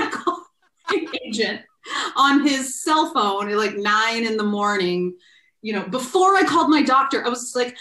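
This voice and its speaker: Animated woman telling a story, echoey room. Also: a little high, unhurried. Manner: lively, acts out quoted voices, laughs often. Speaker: actress guest. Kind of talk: animated storytelling in a podcast interview.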